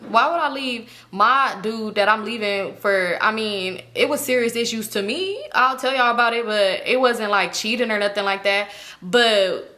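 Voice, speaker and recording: A young woman casually telling a storytime in slangy, animated talk, acting out what people said. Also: on the high side, normal speed. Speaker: storytime vlogger.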